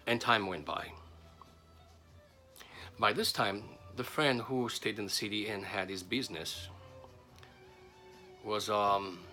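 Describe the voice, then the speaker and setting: A man telling a folk tale in an animated way, shifting between loud and hushed. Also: fairly low pitch, slow, long pauses, faint music behind. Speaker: storyteller.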